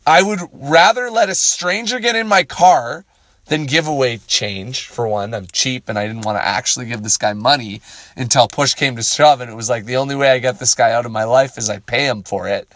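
A man's voice: medium pitch, a little fast, a bit bright, dry recording. A young adult man from Canada rambling profanely and self-deprecatingly in a casual solo monologue.

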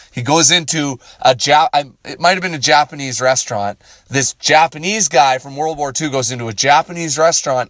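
A man's voice: medium pitch, dry recording. A young adult man from Canada rambling profanely and self-deprecatingly in a casual solo monologue.

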